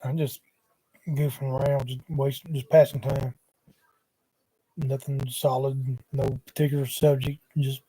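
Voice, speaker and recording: Man, casual rambling livestreamer, dark mellow voice, dry laptop sound. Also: mid-range voice, little pitch movement, measured pace, long pauses, slightly rough, no echo. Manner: drawling, wandering, muttering asides. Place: at home, sprawled on a couch. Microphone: laptop microphone.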